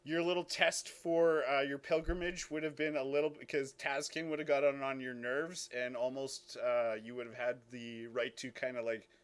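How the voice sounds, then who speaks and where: A man running a tabletop game as game master, talking casually with many fillers and quick self-corrections. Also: medium pitch, little pitch movement, smooth.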